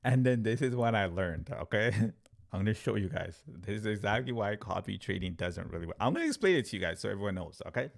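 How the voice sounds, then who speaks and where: A man teaching crypto trading on a livestream, talking in an animated, story-driven way with lots of fillers. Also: on the low side, a little fast, creaky. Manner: animated storyteller, acts out quotes, filler-heavy "like". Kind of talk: livestream talk to viewers.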